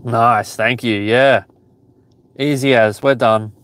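A man's voice: mid-range voice, steady tone, slow pace, a bit bright. A man streaming a live mobile game outdoors, chatting casually, teasing and reading the chat aloud. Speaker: Pokemon GO streamer.

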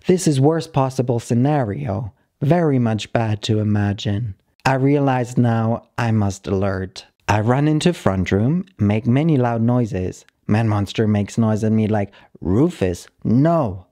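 Guy reading a story out loud, calm and measured, soft mellow tone. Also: medium pitch. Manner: calm, measured reading of a dog's broken-English narration. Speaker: story reader. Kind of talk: reading a short story aloud for relaxation.

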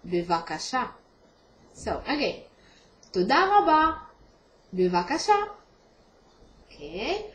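Hesitant woman teaching in an echoey room. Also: a little high. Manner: hesitant, lots of ums and self-corrections, repeats words slowly. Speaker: language teacher. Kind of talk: casual online language lesson. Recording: echoey room with faint ambient noise.

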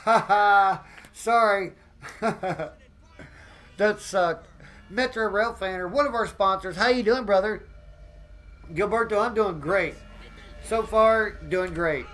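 A man giving excitable live gameplay commentary as a streamer, often exclaiming and greeting his chat. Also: high voice, slow, long pauses, faint music behind, rough recording.

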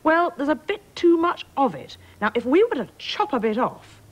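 A woman's voice: high-pitched, very animated, normal speed, pitched above the performer's own voice, poor audio. A woman voicing a pompous, stubborn storybook king who blusters and splutters.

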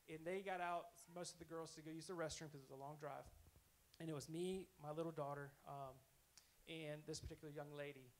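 A man's voice: on the high side, fairly even intonation, a little fast, poor audio. A man preaching a sermon in a conversational, earnest storytelling way. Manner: conversational, earnest, self-correcting.

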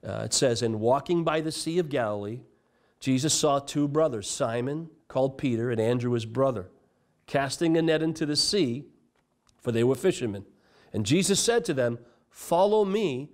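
A man's voice: mid-range voice, expressive, normal speed, darkish tone. A man preaching a sermon as pastor, reading scripture aloud and stressing key phrases with earnest emphasis. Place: church.

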